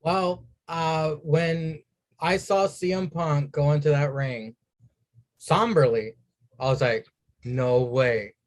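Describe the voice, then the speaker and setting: A man chatting on a wrestling podcast with a fairly high voice. He swears freely and acts out his own excited reactions as he tells the story. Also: slow pace. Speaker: podcast co-host. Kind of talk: casual wrestling podcast chat.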